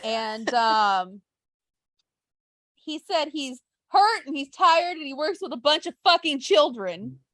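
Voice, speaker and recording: High-voiced woman, swearing podcast co-host. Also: sing-song, a bit bright, dry recording. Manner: swears freely, retells events with quick quoted asides. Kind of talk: casual chat.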